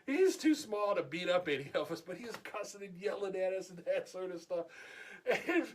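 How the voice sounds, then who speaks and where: A man's voice: sits high, lively intonation, normal speed, slight background noise. Man, casual storyteller, chuckling, light voice, chatty. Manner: chuckling often, laid-back and chatty. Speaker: vlogger.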